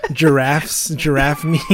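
Teasing man with a lively voice. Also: on the high side, drawn-out words, slight background noise. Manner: teasing, joking. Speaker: podcast co-host. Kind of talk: casual chat.

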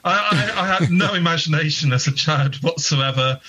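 A man's voice: fairly high pitch, fairly quick, bright, forceful tone, husky, rough recording. A man, a podcast guest chatting casually with dry, self-deprecating humour. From England. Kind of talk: casual interview chat.

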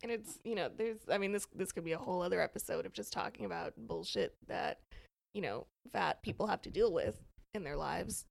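A young woman co-hosting a podcast, chatting casually and telling animated stories with frequent laughter. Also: fairly low pitch, fairly quick, gravelly. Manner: animated storytelling, laughs often. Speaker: podcast co-host. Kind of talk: casual chat.

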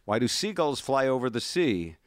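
A man's voice: mid-range voice, very animated, moderate pace. An older man hosting a podcast from a family vacation, chatting casually with playful emcee patter. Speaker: podcast host.

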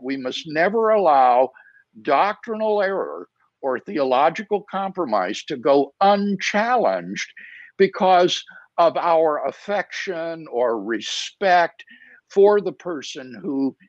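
A man speaks slowly and deliberately as a guest author, his voice rising and falling in an animated way and sitting a little higher than most. He fills pauses with "uh" as he weighs each point. The video-call audio is dull and dry. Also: no room sound. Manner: measured and deliberate, with frequent "uh" fillers. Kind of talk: interview answers.

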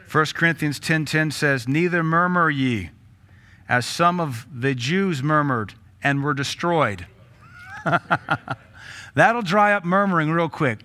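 Blunt, bright-voiced pastor preaching. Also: male voice, on the high side, animated, takes it slowly. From Tennessee. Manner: blunt, humorous preaching with rhetorical questions; laughs between points. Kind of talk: sermon.

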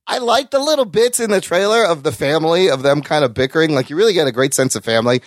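A man co-hosts a podcast in loose, profane banter. His voice sits a bit high and swings widely in pitch. The sound is dry and close to the mic. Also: fast talker, no echo. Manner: animated, profane banter, reads listener comments. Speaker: podcast co-host. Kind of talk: casual chat.

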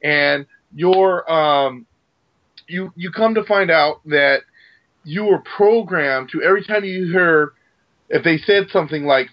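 A man co-hosting a podcast, telling a story in an excitable, rambling way. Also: on the high side, measured pace. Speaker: podcast co-host. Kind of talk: casual podcast chat. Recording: dull lo-fi sound.

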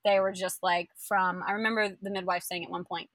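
A young woman telling her birth story in casual chat, animated and full of fillers, acting out the people she quotes. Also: mid-range voice, fairly quick, few pauses, dry recording.

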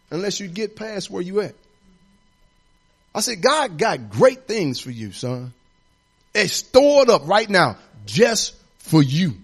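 A middle-aged man, an assistant pastor preaching a sermon that rises into declarations and drops to quiet storytelling. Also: high-pitched, breathy edge.

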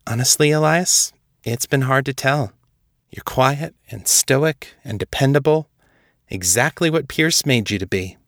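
A man's voice: mid-range voice, unhurried, fairly bright tone, no room sound, studio quality, voice pushed up. A man reading aloud as a weary, outspoken woman officer, speaking bluntly and pressing her point.

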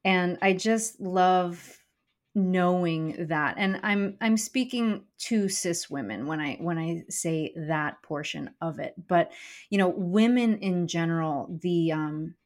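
A woman's voice: lowish voice, slow pace. A young adult woman, a comedian and speaker, talking candidly in a podcast interview and swearing casually. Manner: candid, swears casually, acts out inner voices. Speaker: guest, comedian and keynote speaker.

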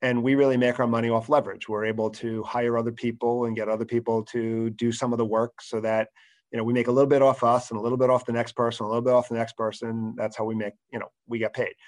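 A man who works as an accountant, speaking as an interview guest and explaining his work in a steady way, with frequent "um" fillers. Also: medium pitch, fast talker.

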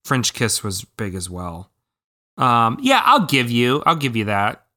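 A man's voice: medium pitch, wildly swooping pitch, unhurried, pushed and bright. A man co-hosting a podcast, chatting casually and eagerly about films, with frequent ums and restarts. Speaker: podcast co-host. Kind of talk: casual movie discussion.

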